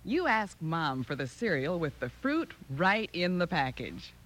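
A woman's voice: fairly low pitch, sing-song, a little slow, fairly bright tone. Lady as a chirpy ranch wife in an old radio ad, bouncy voice. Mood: cheery. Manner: cheery, selling. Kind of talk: 1950s radio ad acting.

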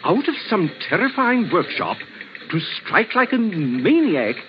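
An actor in a 1940s radio drama playing an excitable news announcer, dramatic and sensational. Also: male voice, sits high, measured pace. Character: excitable newsreel-style announcer. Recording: dull old radio recording with hiss.

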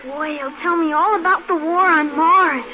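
A woman playing an excitable young boy in a 1950s radio drama, asking tearful, breathless questions. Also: very high voice, normal speed. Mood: excited. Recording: dull lo-fi old radio recording.

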